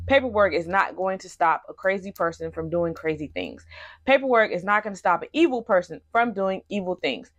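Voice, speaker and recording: A woman's voice: on the low side, moderate pace, no room sound. A young woman telling a personal story in a storytime vlog, earnest and emphatic. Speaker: vlogger.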